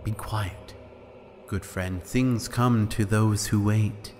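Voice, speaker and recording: A man's voice: fairly low pitch, steady tone, unhurried, long reverb tail, a little hiss or hum, lightly acted. Man putting on creepy kids' TV killer host. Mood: menacing. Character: sinister smiling male kids' show host killer.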